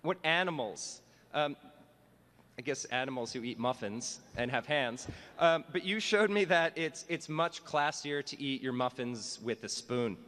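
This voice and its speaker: A man's voice: mid-range voice, expressive, a little slow, a bit bright, long reverb tail, a little hiss or hum. A man, a teacher, giving a humorous commencement address in a wry, self-mocking way. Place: school graduation hall.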